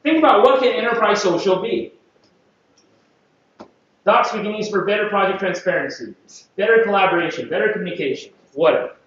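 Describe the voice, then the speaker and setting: A man's voice: high-pitched, a little fast, pauses often, fairly bright tone, slight background noise. Playful conference speaker guy from the philippines, dull muffled sound, lots of echo. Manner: playful, audience-engaging, acts out quotes. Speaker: conference presenter. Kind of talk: conference talk. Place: large conference room. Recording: echoey room, distant and dull mic.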